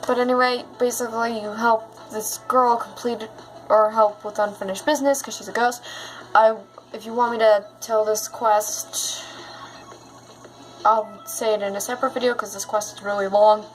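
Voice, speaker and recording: A chatty, excitable woman telling stories in a casual vlog. Her voice sits high and bright in pitch, and she talks to her viewers in a loose, conversational way. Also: moderate pace, soft background music, rough recording. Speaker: YouTuber.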